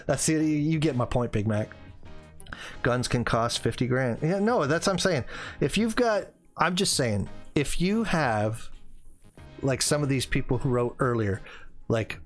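A man in his forties hosting a casual gaming livestream, rambling and getting worked up as he chats. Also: medium pitch. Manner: rambling, gets worked up, then apologizes. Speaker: livestream host.

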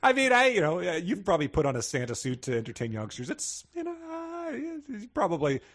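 Animated man laughing through a plot recap. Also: sits high, a little fast. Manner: chatty, laughs often, lively storytelling. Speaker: podcast co-host. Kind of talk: casual chat, summarizing a book's plot.

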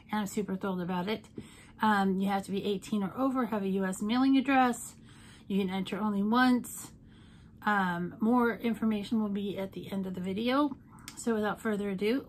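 A chatty woman demonstrating makeup in a relaxed tutorial. Her voice sits a bit higher than most. She talks playfully and drops jokey asides, with a faint hiss behind her. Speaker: beauty vlogger. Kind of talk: casual makeup tutorial chat.

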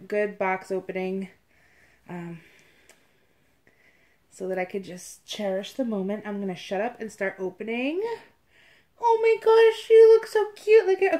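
A young woman filming a casual unboxing vlog at home, gushing and cooing in a high baby-talk voice. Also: a little mellow. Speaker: vlogger.

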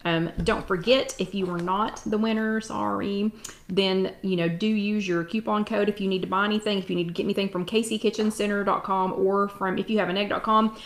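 A middle-aged woman, hosting a live-stream chat at home in a bubbly, excited way. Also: medium pitch. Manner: bubbly and excited, drawn-out exclamations. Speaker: host.

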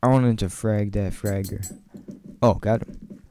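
A man's voice: fairly low pitch, fairly even intonation, unhurried, mellow, slight background noise. A man giving casual, chatty commentary while playing, joking and laughing often and rambling straight to his viewers. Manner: rambling, talks to viewers directly. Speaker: gaming channel host.

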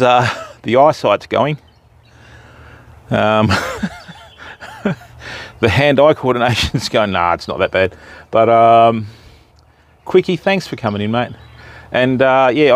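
A man's voice: medium pitch, no room sound. An Australian man hosting a fishing livestream outdoors, chatting casually and joking with viewers. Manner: jokey, chatty, greets viewers by name. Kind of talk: casual live-stream chat. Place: outdoors by a river.

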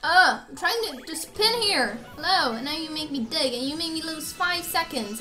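High, lively young woman gaming. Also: normal speed. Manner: chatty, rambling, bursts into squeals and laughs. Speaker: let's play gamer. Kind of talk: casual gameplay commentary. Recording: faint game music behind.

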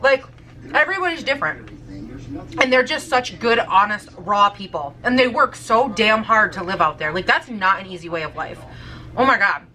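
A woman's voice: mid-range voice, animated, moderate pace, bright, forceful tone, rough recording. A woman vlogging in a casual, rambling way at home in her kitchen, swearing often and saying "like" a lot. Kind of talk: casual chat.

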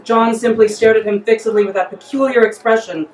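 A woman author reading her comic story aloud in a lively, playful way. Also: on the high side, brisk, echoey room, far from the mic, a little hiss or hum, poor audio. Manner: lively, playful, breaks into laughter.

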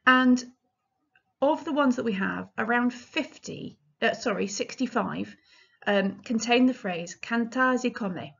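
A woman's voice: on the high side, a little slow, vocal fry, slightly rough, lo-fi sound. Chatty woman giving a music lecture. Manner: chatty, explanatory, frequent ums and restarts. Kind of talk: illustrated lecture.

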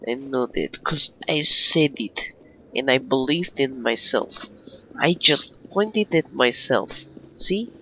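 Man, mock Russian accent, gameplay commentary, slow and boastful, very sing-song delivery, gunfire underneath. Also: medium pitch, animated, dull audio, slight background noise. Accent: put-on Russian accent. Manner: boastful, broken English, giggly. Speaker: gamer. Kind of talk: let's play commentary. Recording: game gunfire loud behind voice. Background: shooter game sounds and gunfire.

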